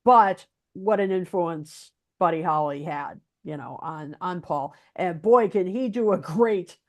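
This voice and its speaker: A woman's voice: lowish voice, a little slow. A woman co-hosting a casual music chat, talking enthusiastically with many fillers. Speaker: podcast co-host.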